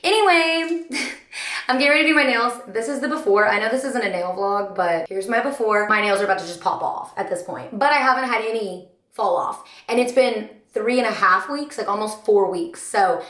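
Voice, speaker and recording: A woman's voice: mid-range voice, a little fast, fairly bright tone, echoey room. A young woman chatting through a casual reading vlog in a chatty, dramatic, self-mocking way while doing her nails at home. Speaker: book vlogger.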